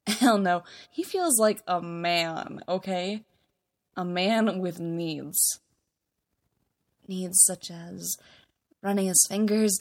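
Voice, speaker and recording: A woman reading fan fiction aloud, narrating with wry, expressive emphasis. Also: medium pitch.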